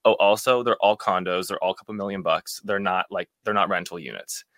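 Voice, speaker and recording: Young man guest, fast talker, bright forceful voice, low-ish pitch, wry storyteller. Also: no echo. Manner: wry, self-mocking, heavy use of "like". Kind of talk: casual storytelling.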